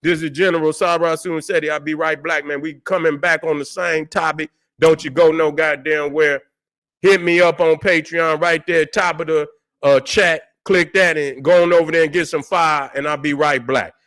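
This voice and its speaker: A man with a high voice rants through a livestream, swearing at nearly every turn. He repeats himself, drawls out his mockery and keeps hailing his viewers to come back. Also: steady tone, moderate pace. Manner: loud, fiery and repetitive, swearing constantly; calls out to viewers, drawling and mocking at times. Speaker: channel host. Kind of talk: profane livestream rant.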